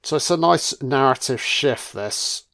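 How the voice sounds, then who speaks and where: A man's voice: medium pitch, animated, measured pace, pushed and bright. A man giving profane, sardonic film commentary, full of swearing and mocking asides on a close microphone.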